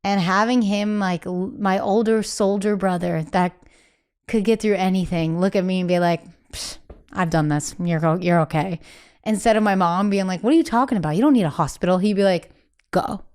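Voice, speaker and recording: A young woman as a podcast guest, candidly telling a personal story in quick, emphatic bursts with quoted asides. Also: mid-range voice, fairly even intonation, a little mellow, clear, resonant tone. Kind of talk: candid conversational interview.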